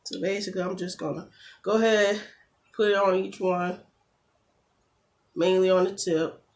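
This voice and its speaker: A woman's voice: medium pitch, steady tone, darkish tone. A woman beauty vlogger chatting casually through a nail tutorial, joking and getting exasperated, recorded on a camera phone. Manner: chatty, quick to get exasperated, jokey asides.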